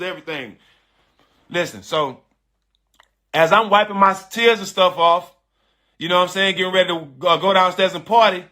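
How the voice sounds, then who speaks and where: A middle-aged man telling a personal story in casual, slangy speech, animated and emphatic, often repeating his phrases. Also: high-pitched. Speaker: storyteller on a live stream.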